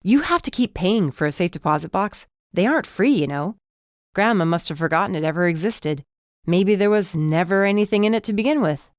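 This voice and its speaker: A woman's voice: mid-range voice, lively intonation, a little fast, no room sound, clean studio sound, natural voice. A woman voicing a smug young man who mocks and gloats with a smirk. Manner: smirking, mocking.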